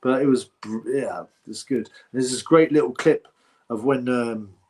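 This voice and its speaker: A man's voice: medium pitch, a little slow, darkish tone, slight background noise. Blunt rambling man. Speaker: livestream host. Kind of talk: casual livestream chat answering viewer comments.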